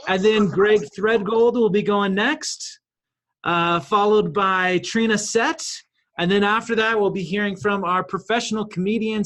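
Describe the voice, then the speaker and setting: Male host with a high voice for a live video-call speaker series, upbeat and sincere. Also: fairly bright tone. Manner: enthusiastic, then emotional during tribute. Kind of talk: live online event hosting.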